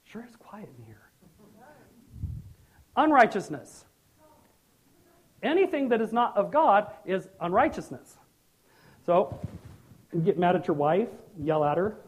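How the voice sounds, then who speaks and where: A middle-aged man preaching a sermon as pastor, animated and joking, with sudden loud bursts. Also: sits high, unhurried, long pauses, breathy edge.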